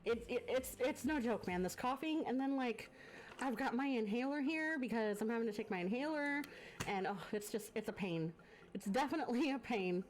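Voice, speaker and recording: A congested woman live-streaming from her home setup, her voice sitting a little high. She gushes over her viewers with lots of ums and restarts, speaking close into a desk microphone. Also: animated, normal speed, slight background noise. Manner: effusive, gushing thanks to viewers with many fillers. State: congested from a lingering cough. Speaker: variety streamer hosting a guest. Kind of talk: casual live-stream chat.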